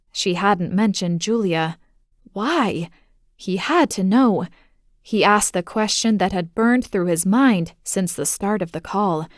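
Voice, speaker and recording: A woman narrating a romantic suspense audiobook in a measured, steady storytelling manner on a close studio mic. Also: mid-range voice, no echo.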